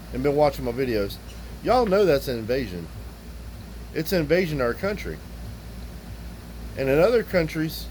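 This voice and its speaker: A man's voice: on the high side, darkish tone, a little hiss or hum, poor audio. A man, speaking bluntly and profanely as he rants straight at his viewers. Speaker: vlogger. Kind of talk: casual ranting monologue to viewers.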